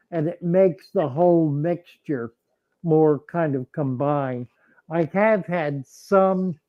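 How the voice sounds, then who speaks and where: A man hosts a relaxed livestream chat, working through his thoughts aloud with plenty of restarts. He talks very slowly in a slightly raised voice. The sound is dull and lo-fi, with a dry close feel. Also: a little high, dry recording. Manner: halting, thinking aloud with frequent restarts. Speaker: host answering viewers.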